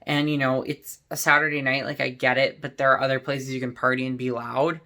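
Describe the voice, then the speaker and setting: A man's voice: medium pitch, little pitch movement, brisk, pushed and bright. A young man telling a rambling story in a casual vlog, full of "like" and "you know". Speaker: vlogger.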